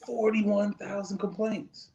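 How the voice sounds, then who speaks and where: A man co-hosting a podcast in casual comedic chat, animated and slangy, laughing often, on slightly dull lo-fi audio. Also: high-pitched, takes it slowly. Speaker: podcast co-host.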